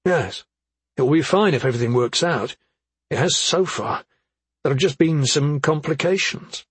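A man's voice: fairly high pitch, normal speed, husky, no echo, voice pushed up. A man reading an audiobook, voicing an earnest, determined young man who explains his plans plainly. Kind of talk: audiobook character voice.

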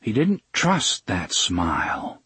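A man's voice: lowish voice, wildly swooping pitch, takes it slowly, bright, forceful tone, slightly rough, no room sound. A man reading a novel aloud as audiobook narrator, expressively voicing each character. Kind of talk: scripted narration.

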